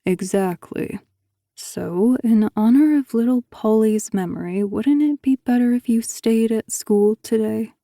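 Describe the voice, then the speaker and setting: A woman voicing a calm, manipulative male school teacher who talks in a hushed, coaxing way. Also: on the high side, measured pace, creaky, dry recording, clean studio sound.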